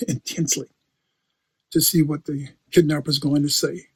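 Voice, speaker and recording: Male preacher, breathy tone, dry close sound; loose, storytelling sermon delivery with restarts. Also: a little high, little pitch movement, moderate pace, pauses often, darkish tone, no echo. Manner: chatty, laughs often, repeats and restarts phrases. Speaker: pastor. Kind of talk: conversational sermon.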